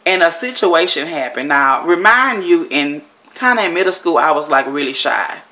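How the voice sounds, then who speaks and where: A woman's voice: deep voice, animated, normal speed, sharp tone. A woman vlogger telling a story in a blunt, profane and rambling way, sitting at home. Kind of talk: casual storytelling monologue.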